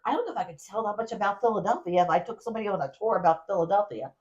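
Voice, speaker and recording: A woman co-hosting a podcast, telling a travel story in casual chat, animated and full of restarts. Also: medium pitch, very fast, lo-fi sound. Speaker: podcast co-host.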